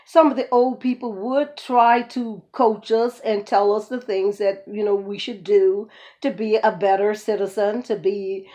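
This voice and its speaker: A woman's voice: medium pitch, fairly even intonation, measured pace. A woman with a mix of Northern and Southern American accents, telling rambling stories as a community host and laughing often. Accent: mixed Northern and Southern US. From United States. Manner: rambling, laughs often, speaks warmly to listener as "baby". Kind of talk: casual storytelling monologue.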